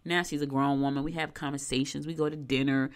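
A middle-aged woman, co-hosting a morning show in casual chat, reading horoscopes and telling animated stories. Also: very deep voice, fast talker. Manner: chatty, animated storytelling.

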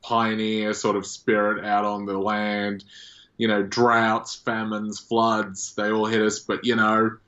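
An Australian man, a comedian, chatting in an interview in a relaxed, wry way and often hedging with "sort of". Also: lowish voice, slow, muffled recording. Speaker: comedian guest. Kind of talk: casual interview.

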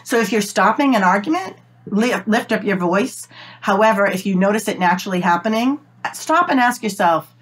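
Fast-talking woman expert. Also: lively intonation. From Boston, USA. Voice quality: self-described whiny, squeaky voice. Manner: fast-talking, emphatic, demonstrates with high-pitched voices. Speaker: guest, body language expert. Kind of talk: animated advice in conversation. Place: home office on a video call. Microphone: video call setup.

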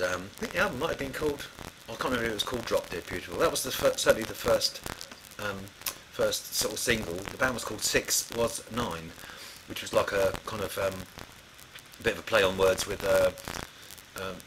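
A man's voice: fairly low pitch, noisy background. A middle-aged man telling studio stories in a rambling, casual way, full of fillers and restarts. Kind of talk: casual spoken anecdote.

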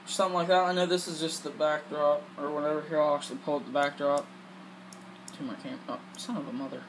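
High, excitable gamer man. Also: fast, a little hiss or hum, poor audio. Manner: excitable, talks back to the game, swears and laughs. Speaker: gaming channel host. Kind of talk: casual gameplay commentary.

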